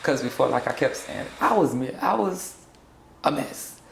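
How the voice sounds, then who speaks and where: A young trans woman from South Florida speaking in a candid sit-down interview, blunt and sassy and quick to laugh. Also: extremely low pitch, animated, vocal fry, reverberant. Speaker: interview guest.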